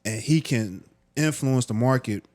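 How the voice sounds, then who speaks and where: A man with a Southern US accent in casual podcast banter, joking and laughing loudly. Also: medium pitch, measured pace. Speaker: podcast co-host.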